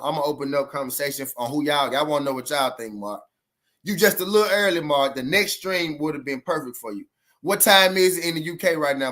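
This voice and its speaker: A man's voice: fairly high pitch, fairly bright tone. A man with a Southern US accent hosting a casual boxing livestream, chatting loosely with viewers and repeating himself.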